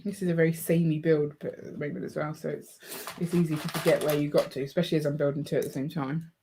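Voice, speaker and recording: A woman co-hosting a live building stream talks fast in a low, level voice, teasing and laughing often as she builds. Faint background noise and clicks can be heard.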